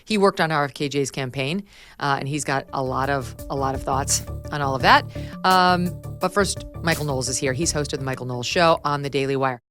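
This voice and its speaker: A middle-aged woman hosting a talk show, brisk and emphatic, sometimes laughing as she talks. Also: rumbling low, a bit bright, faint music behind. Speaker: host. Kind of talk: talk show host chat and read ad.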